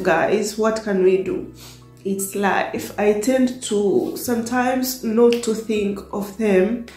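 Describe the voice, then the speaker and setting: A young woman from Tanzania telling a personal story to her viewers, often laughing between sentences. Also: a little high. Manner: warm, laughs often, emotional at times. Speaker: vlogger. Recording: echoey room with faint music.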